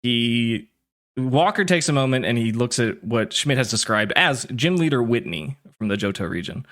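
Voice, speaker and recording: A man narrating a tabletop role-playing game as game master in a relaxed, descriptive way. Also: medium pitch, moderate pace.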